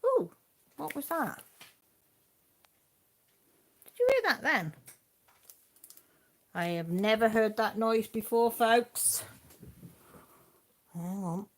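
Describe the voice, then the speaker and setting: A woman who runs a crafting channel hosts a casual live stream from home, filmed on her phone, chatting and rambling to viewers and her dog. Her voice is on the high side and very animated, yet she speaks slowly and pauses often.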